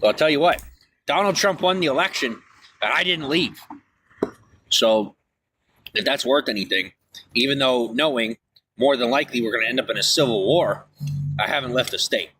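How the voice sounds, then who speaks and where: A man rambling on a live stream, excitable, swinging from shouting to low grumbling. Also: moderate pace, long pauses, soft background music. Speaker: livestreamer.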